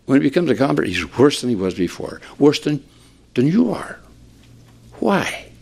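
A man preaching a sermon with animated delivery, climbing in pitch for emphasis and dropping to a hush, often repeating words as he restarts. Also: a little fast, vocal fry.

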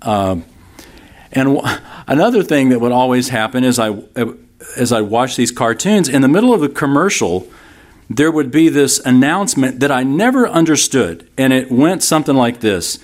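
A pastor in his fifties preaching in a conversational, storytelling way. His voice sits at an ordinary middle pitch for a man. He mixes light humor with scripture teaching. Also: animated, normal speed. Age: 50s. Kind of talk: sermon.

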